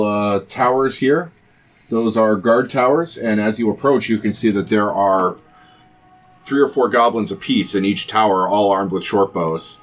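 A man running a tabletop game as game master, describing the scene with frequent fillers like "um" and "like". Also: on the low side.

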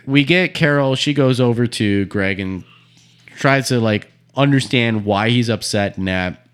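A man co-hosting a casual podcast, recapping a story in a relaxed, conversational way. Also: medium pitch, unhurried, smooth. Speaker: podcast co-host.

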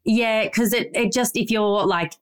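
A woman's voice: fairly high pitch, unhurried, clear, resonant tone. A woman co-hosting a parenting podcast, talking in an enthusiastic, rambling, candid way. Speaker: podcast co-host. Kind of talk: casual chat.

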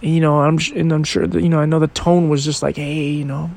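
A man hosting a podcast episode, telling a personal story in a halting, reflective and emotional way. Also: on the high side, level tone, vocal fry, a little mellow. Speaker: podcast host.

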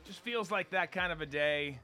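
A man's voice: a little high, moderate pace, sharp tone, faint music behind. A man hosting a casual political talk show, blunt and swearing, often laughing mid-sentence. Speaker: host.

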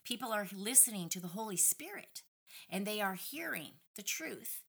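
A middle-aged woman, a podcast guest, telling a story in a casual, indignant and animated way. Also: mid-range voice, normal speed, vocal fry, husky. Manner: animated, indignant retelling with lively acted-out quotes.

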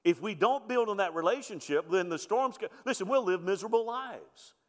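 A middle-aged man preaching a sermon as pastor, rising to emphatic points and dropping low and soft to tell stories. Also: expressive, brisk. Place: church sanctuary. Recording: long reverb of a church sanctuary.

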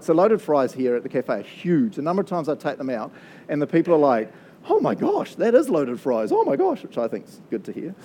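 A man's voice: medium pitch, darkish tone, slight background noise. A man with a New Zealand accent preaching a casual, conversational sermon, chatty and joking, often laughing at his own asides. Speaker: pastor.

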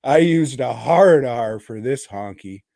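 A man's voice: medium pitch, expressive, takes it slowly, gravelly, dark tone, dry recording, studio quality. A man co-hosting a podcast in casual chat, rambling and teasing with crude language. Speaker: podcast co-host.

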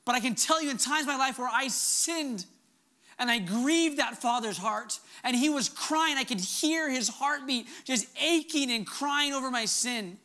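A middle-aged man preaching a sermon in an earnest, emphatic way, at times dropping to a soft, quiet voice. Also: very high-pitched, a little slow. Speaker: pastor.

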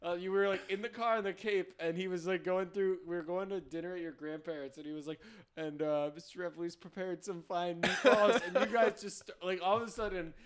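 Man, higher-pitched voice, casual podcast chat, jokey, laughs mid-sentence. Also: quick pace, few pauses, clean tone. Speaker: podcast co-host.

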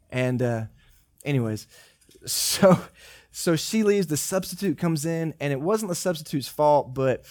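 Preacher guy, kinda high voice, laid back and jokey, dry sound. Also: a little mellow, no room sound. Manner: casual, joking asides and acted-out dialogue. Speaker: pastor. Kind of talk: conversational sermon.

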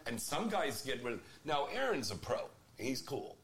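Lively joking male talk host. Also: mid-range voice, normal speed. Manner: loose, joking, crude. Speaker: radio show host. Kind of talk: casual talk show banter.

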